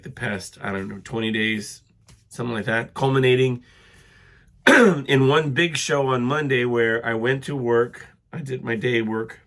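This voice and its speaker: A middle-aged man hosting a casual solo podcast while sick and congested, rambling with many fillers and clearing his throat. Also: mid-range voice, fairly bright tone. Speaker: podcast host.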